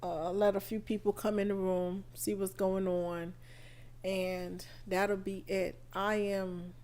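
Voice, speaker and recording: A woman hosting a live podcast stream, feeling under the weather and chatting in an unhurried, rambling way full of fillers. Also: mid-range voice, flat delivery, a little mellow. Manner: unhurried, chatty, thinking aloud with many fillers. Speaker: podcast host. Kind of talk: casual live-stream talk.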